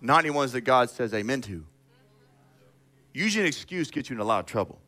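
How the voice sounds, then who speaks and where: A man preaching a sermon to his congregation, animated and emphatic, calling people out directly and acting out people in quick asides. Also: mid-range voice. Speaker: pastor.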